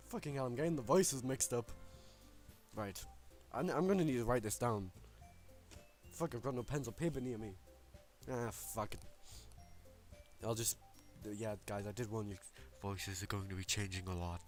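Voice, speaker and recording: A young man reads out a visual novel and chats over it with a lively, swinging delivery. His talk is casual, crude and self-deprecating, with faint music behind him. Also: fairly low pitch, normal speed. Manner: casual, profane, self-mocking. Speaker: gaming channel host. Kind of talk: let's play commentary and reading game text.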